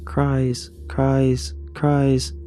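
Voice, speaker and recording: A man voicing a creepy puppet-like creature that speaks through a talking machine, slow and menacing. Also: mid-range voice, faint music behind, pitched above the performer's own voice. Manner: slow, flat mechanical delivery.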